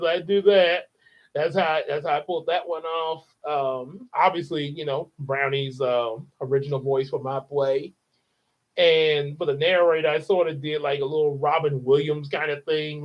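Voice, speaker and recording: A man hosting a channel update, chatting casually and rambling with lots of fillers. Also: a little high. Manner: rambling, many fillers and laughs. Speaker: channel host and actor. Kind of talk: casual chat. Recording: dull lo-fi sound.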